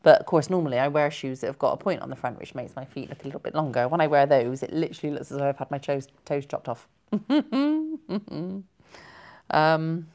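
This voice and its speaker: Casting note: woman, low voice, giggly rambling live-stream host reading comments. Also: animated, fairly quick, darkish tone. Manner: chatty and giggly, rambling with self-corrections.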